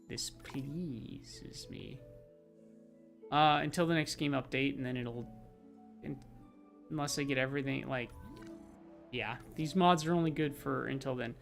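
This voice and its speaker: Chatty streamer guy rambling over his game, kinda high voice, lil gravelly. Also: fairly bright tone. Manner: rambling, chatty, many fillers. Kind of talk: casual game stream commentary.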